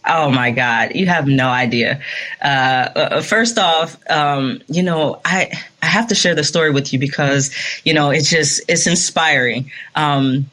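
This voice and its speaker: A woman's voice: low voice, a little slow, fairly bright tone. A woman saxophonist as an interview guest, chatting casually and telling stories with enthusiasm and frequent laughter. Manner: enthusiastic storyteller, laughs often.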